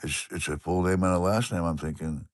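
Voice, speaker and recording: A man's voice: deep voice, steady tone, fairly quick, dry recording, studio quality. An older man from Washington State, rambling and chuckling as he chats with viewers on his livestream. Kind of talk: rambling casual livestream chat.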